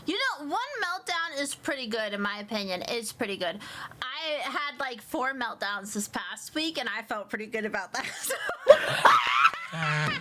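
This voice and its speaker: A woman streamer in casual chat, rambling and slangy, with bursts of loud laughter. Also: a little high, expressive, normal speed, noisy background.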